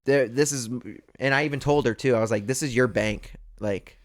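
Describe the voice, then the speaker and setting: A young man hosting a podcast, telling a story in a casual, animated way and laughing often. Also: mid-range voice, brisk. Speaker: podcast host. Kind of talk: casual chat.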